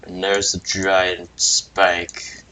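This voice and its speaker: Slow, low, rambling man narrating a drawing. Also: monotone, pushed and bright, a little hiss or hum. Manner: rambling, self-amused, muttering asides. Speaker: video creator. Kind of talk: casual narration while drawing.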